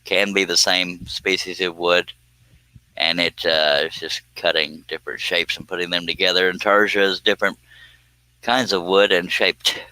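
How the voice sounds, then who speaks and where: A man's voice: low-pitched, little pitch movement, moderate pace, pushed and bright, smooth, no echo. A man hosting a woodworking live stream, chatting casually and joking as he reads viewer comments. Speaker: woodworking livestream host.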